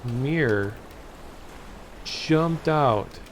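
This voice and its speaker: A man reads a story aloud very slowly, stopping and correcting himself mid-sentence. His voice sits in a middle register. There is faint ambient hiss behind him. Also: mid-range voice, animated. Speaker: streamer. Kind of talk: reading an AI-generated story aloud live.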